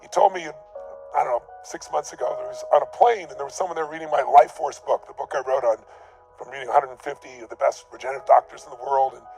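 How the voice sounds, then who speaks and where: A man giving a motivational talk, telling a personal story in an emphatic, intense way with a gravelly voice. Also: medium pitch, quick pace, darkish tone, soft background music. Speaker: motivational speaker.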